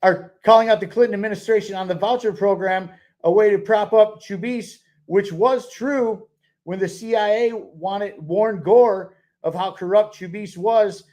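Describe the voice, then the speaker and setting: A man's voice: high-pitched, moderate pace, a little mellow. A man co-hosting a book club podcast, talking in a loose, rambling way with many fillers and restarts. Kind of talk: casual podcast discussion.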